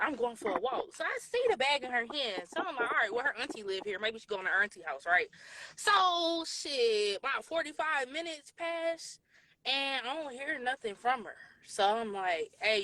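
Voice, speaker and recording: A bright, slightly high woman's voice with a drawl, in her twenties. She tells a long story in an animated, casual way and slips into the voices of the people in it. Her tone is clear and lively, with a touch of edge. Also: no room sound. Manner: animated, acts out quoted voices, Southern US slang. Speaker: podcast co-host telling a story. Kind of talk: casual storytelling on a live show.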